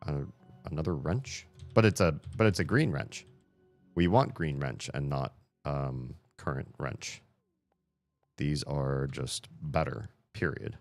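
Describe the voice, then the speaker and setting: A man playing a video game and commenting as he goes, excitable and jokey, reading in-game emails aloud. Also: rumbling low. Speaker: gaming streamer. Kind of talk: let's play commentary.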